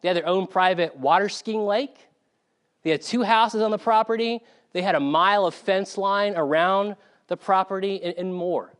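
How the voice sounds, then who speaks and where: A male preacher from South Carolina delivering a sermon and telling a story in an animated way. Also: high voice, normal speed, smooth.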